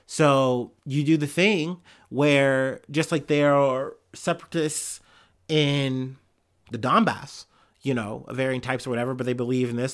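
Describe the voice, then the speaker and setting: A man's voice: medium pitch, fairly bright tone. Rambling, sarcastic man. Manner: rambling, sarcastic, with frequent fillers and swearing. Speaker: podcast host. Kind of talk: casual solo news commentary.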